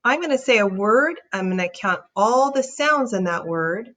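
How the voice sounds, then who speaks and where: A woman teaching a reading lesson, sounding out words slowly and encouraging young readers. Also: medium pitch, lively intonation, fairly bright tone, slight background noise. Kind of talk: slow, clear phonics lesson.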